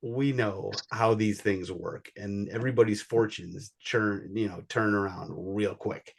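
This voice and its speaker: Low-voiced man, joking and teasing. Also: unhurried, creaky. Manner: joking, teasing, steers the talk. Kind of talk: casual sports chat.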